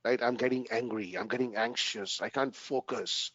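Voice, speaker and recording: A man speaking as a guest in a casual interview, earnest and talking in short bursts that he often ends with "right?", pausing and restarting his sentences. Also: mid-range voice, fairly even intonation, a bit bright, no echo, lo-fi sound.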